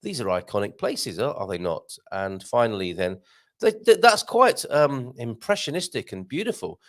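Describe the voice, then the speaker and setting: A man's voice: mid-range voice, big pitch swings, normal speed. A man hosting a live stream, chatting with viewers in a giggly, rambling way with plenty of ums. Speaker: host.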